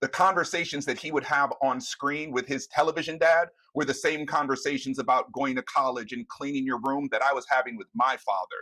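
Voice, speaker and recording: A middle-aged man speaking as a guest on a live news panel, earnest and emotional, pausing and restarting as he searches for words. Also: mid-range voice, fairly even intonation, sharp tone. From United States.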